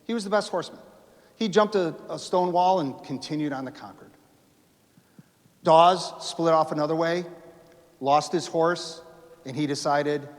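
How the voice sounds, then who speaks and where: A man tells history as a story to a live audience, animated and asking them questions. His voice sits a little high. It carries long reverb from a large hall. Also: measured pace, pauses often. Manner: animated, acts out quoted lines, asks the audience questions. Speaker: history speaker.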